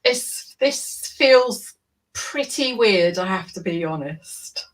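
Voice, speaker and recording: Halting, slow-talking female performer. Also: mid-range voice, expressive. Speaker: comedy performer. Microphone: video call.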